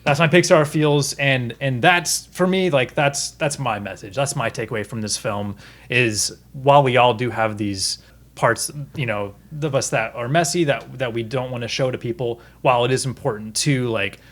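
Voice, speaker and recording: A man's voice: mid-range voice, normal speed, fairly bright tone. A man in his thirties co-hosting a podcast, chatting casually and earnestly, with many restarts and fillers. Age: 30s. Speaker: podcast co-host. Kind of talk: casual review chat.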